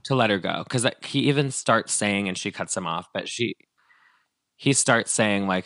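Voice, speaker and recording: A man's voice: lowish voice, expressive, moderate pace, bright, forceful tone, no echo. A man hosting a podcast, retelling a story in a casual, rambling way with lots of fillers. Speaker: podcast host.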